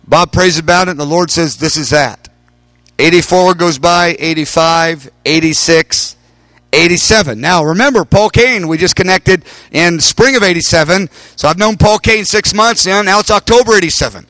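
A middle-aged man preaches in an animated storytelling style, his fairly high voice jumping up whenever he quotes someone. The recording is close and dry, with no room sound. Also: normal speed, dry recording. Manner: animated storytelling, quoting others in raised voice. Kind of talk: storytelling sermon.

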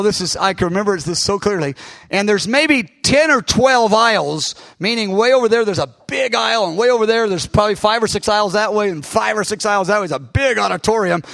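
A man preaching a sermon, retelling a dream in an animated way with many restarts and sound words. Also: sits high, vocal fry, no room sound. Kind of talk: sermon storytelling.

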